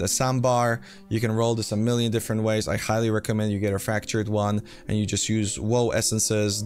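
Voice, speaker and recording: A man casually walking through a game character build, rambling with fillers and self-deprecating asides. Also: on the low side. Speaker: game build guide host. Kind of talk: casual gameplay guide commentary.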